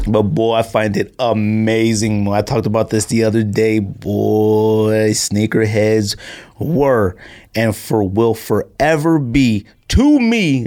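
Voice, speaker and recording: A man's voice: on the low side, darkish tone, clean tone. A man hosting a sneaker podcast, talking casually in a rambling, joking, storytelling way. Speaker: podcast host.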